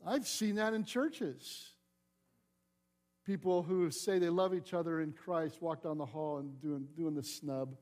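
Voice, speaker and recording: A middle-aged male pastor delivers a sermon in a fairly high voice. He preaches with lively energy, pressing hard on some lines and dropping to a hush on others. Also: unhurried. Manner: animated preaching, swings from loud emphasis to soft asides.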